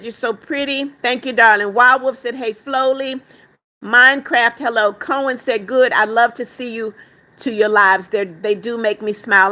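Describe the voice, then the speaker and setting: Woman live-streamer, fairly high voice, bright and forceful, reading out chat comments, greeting viewers as "darling". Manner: reads viewer comments aloud and greets each by name; calls viewers "darling", firm with spammers. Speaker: livestream host.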